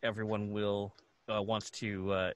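A man's voice: fairly low pitch, level tone, measured pace, no echo. Hesitant male tabletop player. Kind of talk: casual tabletop play.

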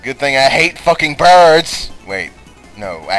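A young man commentating on his own gameplay, cursing and shouting at the game. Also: mid-range voice, a little slow, soft background music, poor audio. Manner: profane, excitable, shouts and curses at the game. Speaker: let's play host.

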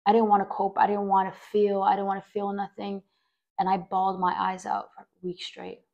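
A woman's voice: medium pitch, monotone, brisk, creaky, a little mellow, highs cut off. A young woman hosting a podcast, telling a personal story in a rambling way with many fillers. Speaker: podcast host.

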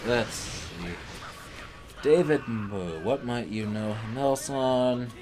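A man's voice: medium pitch, slow pace, a little mellow, soft background music. A man chatting casually beside a gameplay session, easygoing and prone to trivia tangents. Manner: easygoing, chatty, gets sidetracked looking up trivia. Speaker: co-commentator. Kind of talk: casual chat over gameplay.

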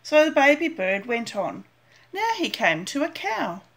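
An older woman reading a children's storybook aloud, slowly and gently. Her voice sits high and rises and falls expressively on every line. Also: sing-song.

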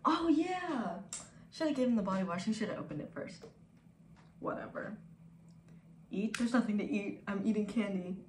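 In her twenties, this young woman streams from a room at home, chatting casually and profanely with viewers in a laid-back way that drifts into whispers. Her medium-pitched, darkish voice moves a little fast with frequent pauses. The room is echoey, with faint ambience and slight background noise.

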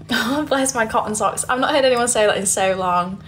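A woman's voice: on the high side, moderate pace, a bit bright, slight background noise. A young woman with a Yorkshire accent, chatting casually on a livestream, reading viewer comments and giggling often. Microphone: phone.

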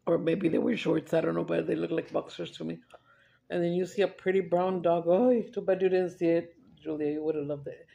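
Gravelly woman chatting while eating. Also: lowish voice, fairly even intonation, a little fast, mellow, lo-fi sound. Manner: rambling chatty storyteller, mixes in Spanish, laughs often. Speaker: mukbang vlogger. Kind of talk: casual chat while eating.

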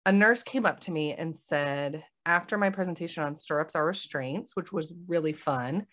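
A woman's voice: lowish voice, normal speed, few pauses. A woman who is a nurse and podcast host, chatting casually and acting out the conversations she retells. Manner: animated storytelling, acting out quoted conversations.

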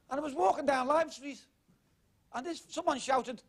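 A man doing stand-up on a TV studio stage, telling jokes in a quick, punchy way and chuckling at his own lines. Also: extremely high pitch. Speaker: stand-up comedian. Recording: loud studio audience laughter and noise.

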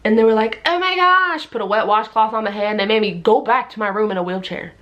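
A young woman tells a story to her camera in a relaxed vlog style. Her voice sits in a middle pitch, and she acts out everyone in the tale with sudden leaps upward. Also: fast talker, dull audio. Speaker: vlogger. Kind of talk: casual storytime.

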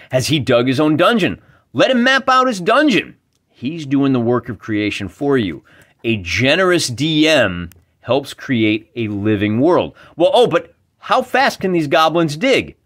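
A man hosting a wargaming video, talking casually and enthusiastically while reading rules aloud. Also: mid-range voice. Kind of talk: casual explanatory talk.

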